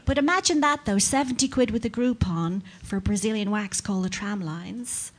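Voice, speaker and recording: A woman's voice: mid-range voice, moderate pace. A woman performing a stand-up comedy set, sardonic and mock-outraged, building into rants.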